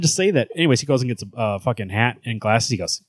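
Male podcast co-host, profane casual comic talk, dry close mic, mid pitch. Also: expressive, quick pace, dry recording. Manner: profane, reads and acts out comic dialogue. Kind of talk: casual comic book review chat.

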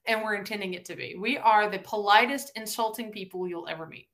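A woman's voice: medium pitch, fairly quick. A woman from Tennessee with a Southern accent, chatting as a podcast guest and acting out the quotes she tells. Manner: animated storyteller, acts out quotes. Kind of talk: casual interview chat.

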